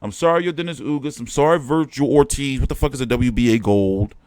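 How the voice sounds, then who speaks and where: A man's voice: mid-range voice, quick pace, darkish tone, no room sound. A man hosting a boxing show, talking in a rambling, profane, slangy way while he complains during a casual live stream. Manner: slangy street talk.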